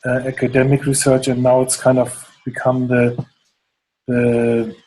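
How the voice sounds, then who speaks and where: A man's voice: medium pitch, monotone, measured pace, warm tone, low-quality recording. A man in his fifties with a German accent, a guest in an interview, talking in a rambling, hesitant way with many fillers. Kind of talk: conversational interview.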